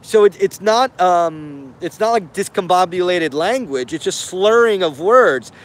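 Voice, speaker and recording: A man's voice: sits high, animated, unhurried. A man giving casual spoken commentary on video footage, hesitant and puzzled, often repeating himself.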